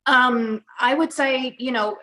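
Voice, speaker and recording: Easygoing woman guest, higher voice. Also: takes it slowly, rough recording. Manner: relaxed, with hesitant fillers. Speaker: podcast guest. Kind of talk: casual conversation.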